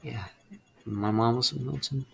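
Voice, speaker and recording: A young man speaking in a halting, emotional personal confession, close to tears and swearing in frustration. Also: medium pitch, vocal fry, fairly bright tone, slightly rough. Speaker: streamer.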